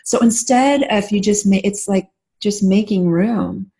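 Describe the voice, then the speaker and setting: A woman guest in an interview, speaking gently and reflectively with many restarts and soft fillers, slowing down when she voices tender inner thoughts. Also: mid-range voice.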